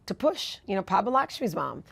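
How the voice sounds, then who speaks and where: A woman's voice: mid-range voice, fairly quick, creaky, breathy edge. A woman in her forties, a TV news host and author, telling personal stories in an interview in an earnest, reflective way. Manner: earnest, reflective, animated when retelling moments.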